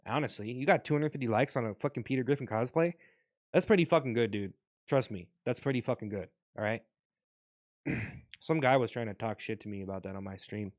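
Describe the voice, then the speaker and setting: A man's voice: medium pitch, no room sound, studio quality. A young adult man vlogging in a rambling, profane casual rant, often restarting his sentences.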